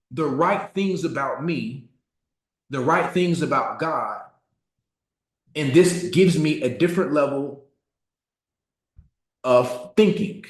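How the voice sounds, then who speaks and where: A man in his thirties giving a motivational talk, telling a personal story and slowing down to stress key words. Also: medium pitch. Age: 30s. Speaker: motivational speaker. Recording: roomy echo.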